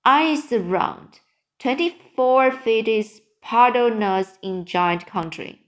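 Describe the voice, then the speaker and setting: A woman's voice: a little high, lively intonation, takes it slowly. A woman reading the part of a big friendly male giant from a storybook, speaking in jumbled grammar and made-up words. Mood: muddled. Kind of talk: read-aloud storybook.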